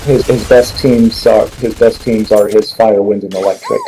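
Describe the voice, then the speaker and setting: A man's voice: lowish voice, fairly even intonation, moderate pace, mellow, slight background noise, rough recording. A young man on a voice call during a game, chatting casually and swearing at his own mistakes. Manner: frustrated, swearing over mistakes. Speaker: co-player on a voice call. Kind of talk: casual gaming chat.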